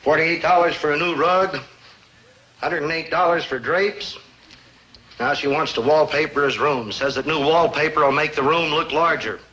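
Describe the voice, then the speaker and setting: An actor playing a grumbling, tight-fisted middle-aged father who complains gruffly in a 1960s sitcom style. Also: fairly high pitch, steady tone, normal speed, sharp tone, low-quality recording. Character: grumbling penny-pinching middle-aged dad.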